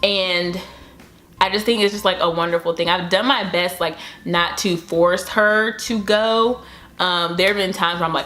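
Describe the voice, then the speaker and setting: Chatty young mom vlogging at home. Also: female voice, fairly low pitch, normal speed, soft background music. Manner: chatty, excited cheering for her toddler. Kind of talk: casual vlog.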